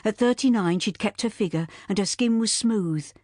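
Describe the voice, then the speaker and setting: A historical novel is read aloud by a woman narrating an audiobook, her medium-pitched delivery calm and measured throughout the scripted text. The studio sound is clean with no echo.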